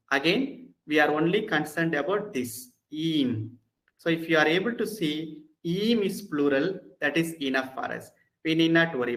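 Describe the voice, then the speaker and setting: A man's voice: on the high side, fairly bright tone, rough recording. A man with an Indian English accent teaching an online Hebrew grammar lecture, patient and repeating key points to reassure students. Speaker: Bible college Hebrew instructor.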